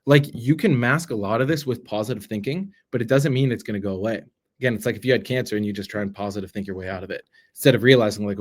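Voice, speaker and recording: A man's voice: on the low side, quick pace. A man talking straight to the camera as a self-development coach, earnest and persuasive, often checking in with "right?". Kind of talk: direct-to-camera motivational talk.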